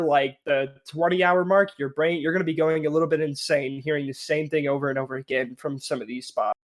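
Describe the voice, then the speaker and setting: A young man co-hosting a casual game review podcast, chatty and rambling, laughing often. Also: a little high. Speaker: podcast co-host.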